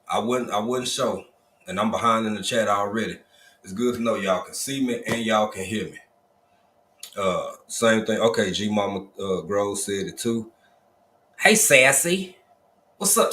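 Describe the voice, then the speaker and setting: A man's voice: on the low side, a bit bright, roomy sound. A man hosting a casual livestream, greeting viewers one by one in a folksy, easygoing manner. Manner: folksy, drawling Southern Black vernacular, repeated greetings. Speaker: livestream host.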